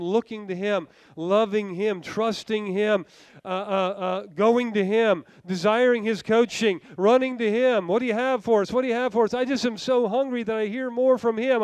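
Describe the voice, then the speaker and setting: Man, preacher, fervent, self-deprecating, smooth voice, dry recording. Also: high voice, darkish tone, no room sound. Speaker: pastor. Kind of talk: sermon.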